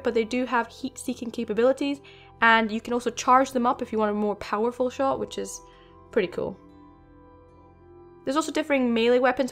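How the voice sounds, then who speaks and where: Young woman, gaming vlog host, excited rambling talk, medium pitch, soft music underneath. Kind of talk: casual video game commentary.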